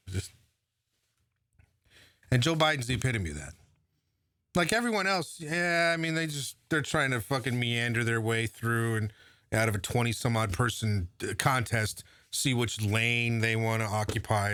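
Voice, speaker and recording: A man's voice: mid-range voice, fairly bright tone, no room sound, clean studio sound. A man delivering an angry, profane political rant, mocking and heated as he comments on a clip.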